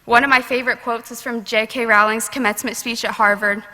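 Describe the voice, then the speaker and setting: A teenage girl delivers a heartfelt prepared graduation speech, her voice bright and slightly high. She speaks at a podium microphone. The sound rings with the long reverb of a large ceremony hall. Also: fairly even intonation, fast talker. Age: late teens.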